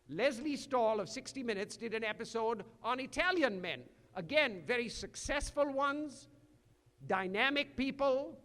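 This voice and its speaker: Bright-voiced older man in a hall. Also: very high voice. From India. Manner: measured, with dry humor and slow emphatic phrases. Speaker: commencement speaker. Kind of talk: commencement address. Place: large hall. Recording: echoey hall.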